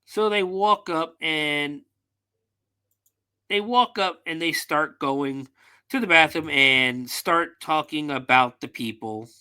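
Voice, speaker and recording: Male podcast host, casual and profane recapper, fairly high voice. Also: takes it slowly, sharp tone, clean tone. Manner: profane, loose storytelling with fillers.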